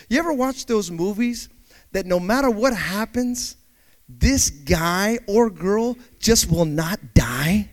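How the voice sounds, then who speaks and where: A man with a notably high-pitched voice preaches to his congregation. He swings from calm, low explanation to loud call-and-response, throwing in quick acted voices of panicked people. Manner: dynamic preaching, swinging from quiet to shouted call-outs. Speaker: pastor. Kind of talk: sermon.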